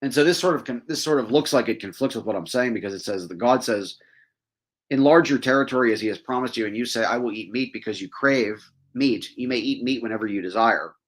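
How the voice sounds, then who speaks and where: A man's voice: medium pitch, quick pace. A man hosting a talk show, reading verses aloud and explaining them in a casual, wry way, with small laughs and asides. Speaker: podcast host. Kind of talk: casual scripture teaching.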